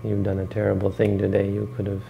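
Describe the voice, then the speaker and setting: A man voicing a stern elder male monk who scolds a god in a measured, reproachful way. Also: fairly low pitch, monotone, creaky, highs cut off, a little hiss or hum. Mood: scolding.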